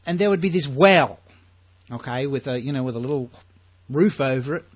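Animated older Australian preacher. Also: male voice, fairly high pitch, breathy edge, no echo, highs cut off. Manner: animated, rhetorical questions, drawn-out emphasis. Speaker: Bible teacher. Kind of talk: sermon.

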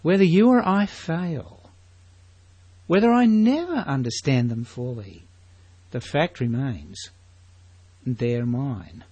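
A man's voice: medium pitch, expressive, slow, pauses often, warm tone, slightly rough. A man preaching a sermon, emphatic and full of rhetorical questions to his congregation.

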